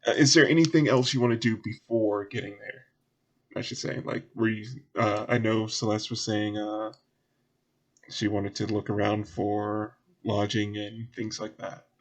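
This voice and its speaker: A man's voice: lowish voice, flat delivery, measured pace. Laid-back Southern man running a tabletop game. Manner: casual, laughs between narration, drawls y'all. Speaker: game master.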